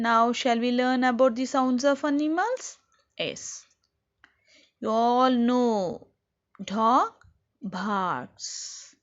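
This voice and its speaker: A woman teacher talks slowly and carefully to a class of young children. She puts simple questions to them and answers each one herself. The recording sounds dull and lo-fi. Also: fairly high pitch, fairly bright tone. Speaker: schoolteacher. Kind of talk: recorded online class lesson.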